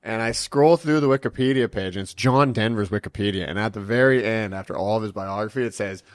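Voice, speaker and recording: A man hosting a podcast, telling a story in an animated, profane, casual way. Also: lowish voice, quick pace, no room sound, studio quality. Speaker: podcast host.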